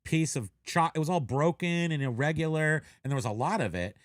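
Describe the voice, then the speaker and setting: A man's voice: on the high side, animated, fairly quick, no echo, studio quality. A middle-aged man from California chatting casually on a live show, telling rambling, self-mocking stories. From Menlo Park, California. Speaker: co-host of a reselling live show. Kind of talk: casual live-stream chat.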